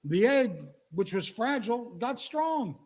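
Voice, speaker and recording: A minister telling a sermon story. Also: male voice, very high voice, big pitch swings. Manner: storytelling, drawn-out pauses, illustrative.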